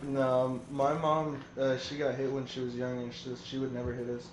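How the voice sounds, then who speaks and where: A man's voice: medium pitch, flat delivery, normal speed, echoey room, a little hiss or hum. A man in his early twenties chatting casually, telling rambling stories and swearing freely. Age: 20s. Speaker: streamer. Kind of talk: casual chat.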